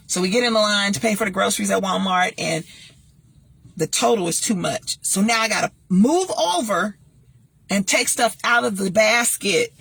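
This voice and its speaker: Gravelly, very husky woman giving blunt advice. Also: medium pitch, lively intonation, moderate pace, a bit bright, dry recording. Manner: emphatic, blunt, preachy. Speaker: talk show host and former radio DJ. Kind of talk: casual advice monologue with personal story.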